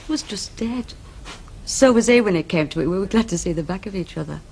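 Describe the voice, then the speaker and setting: An actress playing a subdued young woman in a soap opera. She speaks quietly. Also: medium pitch, lively intonation, a little fast, vocal fry, a little hiss or hum.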